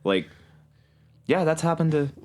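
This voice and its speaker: A man's voice: fairly high pitch, lively intonation, measured pace, darkish tone. A man co-hosting a podcast in casual chat, reacting to stories and laughing often. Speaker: podcast co-host.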